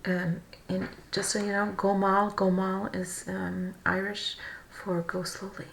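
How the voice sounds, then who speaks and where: A woman streaming live, reading news aloud haltingly and correcting her own stumbles between casual remarks. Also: mid-range voice, level tone, creaky, a bit bright. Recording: roomy echo, faint background noise.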